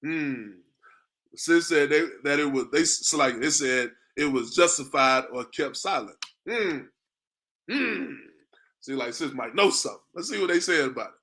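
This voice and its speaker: Man, class teacher, preaching style, bright forceful tone, higher pitch, rhetorical questions, repeats "man". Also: lively intonation, moderate pace. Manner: repetitive, rhetorical, addresses listeners as "man"; chuckles often while talking. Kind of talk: street-preaching class lecture.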